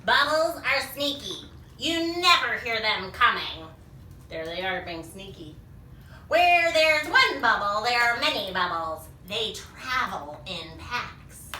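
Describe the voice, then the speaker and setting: A woman's voice: on the high side, lively intonation, slow, bright, forceful tone, recorded from a distance, slight background noise, full character voice. A woman reading the lines of a fretful male monster who insists bubbles are dangerous, in a storybook read-aloud, in an echoey small room. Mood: alarmed. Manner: dramatic, insistent warnings.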